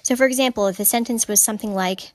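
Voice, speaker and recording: A woman's voice: fairly high pitch, fast talker, darkish tone, no echo. A woman hosting a podcast on writing, explaining grammar in an informal, emphatic way and repeating key points. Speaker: podcast host teaching writing. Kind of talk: informal teaching monologue.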